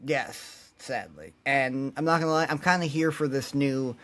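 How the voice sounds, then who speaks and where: A young man co-hosting a casual podcast, animated and quick to laugh as he gushes over big moments. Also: mid-range voice. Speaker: podcast co-host. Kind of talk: casual chat.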